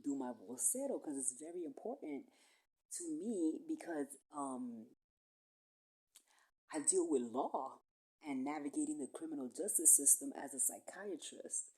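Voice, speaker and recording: A woman's voice: low-pitched, lively intonation, measured pace, mellow, slightly rough. A woman, rambling profanely through a monologue that jumps from topic to topic. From Puerto Rico.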